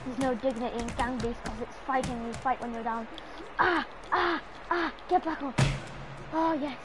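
A woman's voice: sits high, normal speed, background noise. A woman playing a video game and chatting to herself in a silly, rambling, joking way. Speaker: gamer. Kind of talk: casual gameplay commentary. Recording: game music playing behind.

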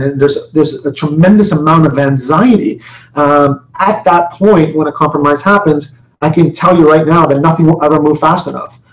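A man with a fairly high voice presents a webinar, chatty and loose, full of "um"s and restarts, often asking his listeners questions. He sounds set back from the mic in an echoey room, and the audio is muffled. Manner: conversational, many fillers and restarts, rhetorical questions. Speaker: company executive presenting a webinar. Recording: roomy, distant, dull webinar audio.

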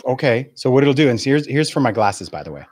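A man's voice: medium pitch, sing-song, a little fast, darkish tone, a little hiss or hum. A man in his forties, a real estate coach giving a live video webinar in a blunt, profane, laughing rant. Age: 40s.

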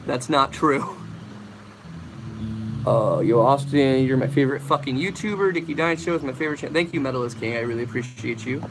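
A man's voice: mid-range voice, a little fast, noisy background. A young man casually hosting a livestream, rambling as he answers chat questions about vocals. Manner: casual, rambling, demonstrates screams.

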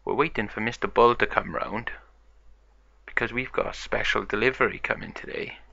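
A man's voice: on the low side, normal speed, creaky, sharp tone, no echo, muffled recording, heavily acted. A man doing a kindly old dog grandad. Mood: calm.

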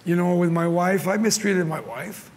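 In a large conference hall with long reverb and faint ambience, an older Mexican pastor with a Mexican Spanish accent preaches a sermon, acting out quotes as he tells stories with passion. His voice sits high and moves at a normal speed, with slight background noise present.

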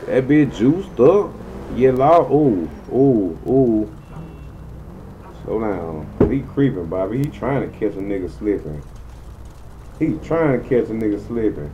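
A man giving casual, slang-heavy gameplay commentary in an excitable way, swearing freely and yelping high when things go wrong. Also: slow, dull audio, slight background noise. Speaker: gaming channel host.

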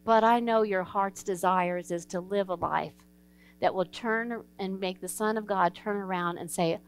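In a church sanctuary, a woman pastor delivers an evening sermon, telling stories in an earnest, folksy way and acting out the dialogue. Her voice is medium-pitched with fairly even intonation and a measured pace, and there's a little hiss or hum in the recording.

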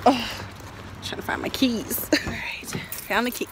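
A bubbly woman chats casually to her phone camera, laughing often. Her voice sits fairly high and she talks slowly. A steady noise runs under the recording. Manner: bubbly, laughs often, calls viewers "y'all". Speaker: vlogger, actor and spoken word poet. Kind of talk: casual vlog chat to camera.

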